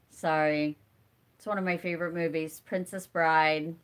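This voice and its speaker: A woman's voice: deep voice, steady tone, moderate pace, smooth. Middle-aged lady w a stuffy nose, chatty live stream host reading out comments. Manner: chatty, reads viewer comments aloud and answers them. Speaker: homesteading channel host. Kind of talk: casual live-stream chat.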